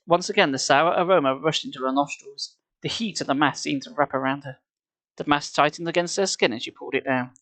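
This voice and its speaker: A man's voice: fairly high pitch, fairly quick, a bit bright, no echo. Casual man reading a spooky story live. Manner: casual, chatty asides. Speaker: livestream reader.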